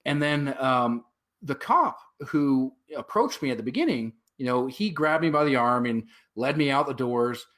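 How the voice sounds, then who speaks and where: A man's voice: mid-range voice, animated, normal speed, fairly bright tone. A man, a veteran and activist, telling his story as a guest in a casual interview, rambling with many fillers and swear words.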